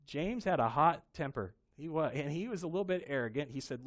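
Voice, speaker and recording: A man preaching a sermon, telling a Bible story with animated emphasis. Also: fairly high pitch, quick pace, hardly any pauses. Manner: animated storytelling, acting out quoted voices. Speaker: pastor.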